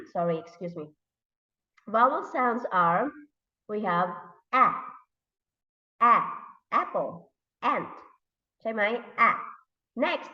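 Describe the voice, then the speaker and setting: A woman English teacher with a Thai accent leading a classroom lesson, slowly repeating words and sounding out letters and syllables. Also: a little high, pushed and bright, far from the mic. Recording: echoey room, dull lo-fi sound.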